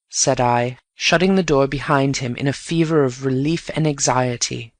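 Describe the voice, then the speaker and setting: A man's voice: mid-range voice, normal speed, few pauses, dry recording. Man narrating a story, dry and close. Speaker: audiobook narrator. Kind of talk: scripted story narration for learners.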